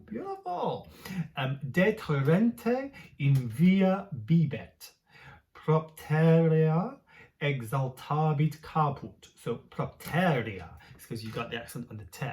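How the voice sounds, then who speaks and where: Unhurried woman coaching a choir. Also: sits low. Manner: chanting slow Latin demonstrations between quick, soft asides; encouraging, relaxed teacher. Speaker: choir leader. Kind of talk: choir rehearsal lesson.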